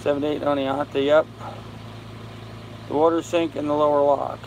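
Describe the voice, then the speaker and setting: An older man hosting a casual live stream from his boat, tired and unhurried, greeting viewers by name as he reads their comments. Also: fairly high pitch, little pitch movement, gravelly, a little mellow, poor audio. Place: on a sailboat with air conditioning and fan running. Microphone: phone. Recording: faint fan and air-conditioner hum behind.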